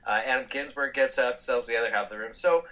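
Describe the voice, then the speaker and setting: Bright-voiced man telling a lively story. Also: medium pitch, fast, dull audio. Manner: animated, acts out quoted dialogue, frequent restarts. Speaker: guest speaker. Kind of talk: storytelling interview answers.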